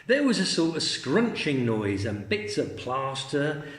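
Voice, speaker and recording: Slow, expressive male storyteller. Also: medium pitch, reverberant. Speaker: teacher. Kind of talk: reading a storybook aloud to children.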